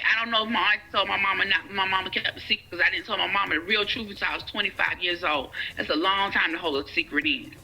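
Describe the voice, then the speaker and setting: A woman's voice: mid-range voice, bright, forceful tone, husky, poor audio. A woman telling her personal story in conversation, often checking "you get what I'm saying". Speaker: guest sharing her life story.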